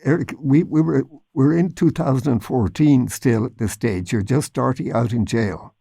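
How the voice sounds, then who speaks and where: A man hosting a podcast interview, calm with brief prompts and a measured sign-off. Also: mid-range voice, gravelly, husky. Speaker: podcast host.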